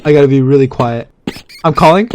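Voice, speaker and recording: A man giving excitable let's-play commentary, yelping and shouting at scares and muttering quietly to himself in between. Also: mid-range voice, a little fast. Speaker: gamer.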